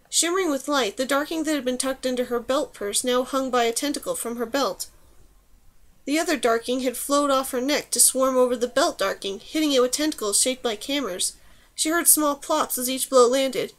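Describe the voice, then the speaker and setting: A woman reading a fantasy novel aloud as audiobook narrator, in an even, measured way. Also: high voice. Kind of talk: scripted narration.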